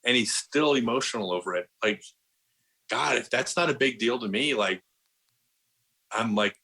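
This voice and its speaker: A middle-aged man with a bright, forward voice chats on a podcast, spinning stories with lots of false starts. He leans on "like" and keeps circling back to his point. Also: medium pitch, normal speed, creaky, husky, low-quality recording. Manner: animated storyteller, lots of restarts and "like". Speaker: podcast guest, disc golf pro. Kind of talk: casual podcast chat.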